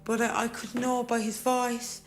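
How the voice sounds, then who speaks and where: A middle-aged Irish woman speaking in an interview as a bereaved mother, with a soft, halting and hesitant way of talking. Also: a little high, flat delivery, soft background music. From Ireland. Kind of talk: emotional interview recollection.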